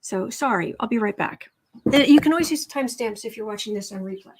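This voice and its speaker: A woman's voice: fairly high pitch, animated, fast. A woman hosting a casual live tarot stream, chatting with viewers and reading their comments aloud, hot and sweaty in a room at home. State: overheated and sweaty. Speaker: tarot reader and livestream host.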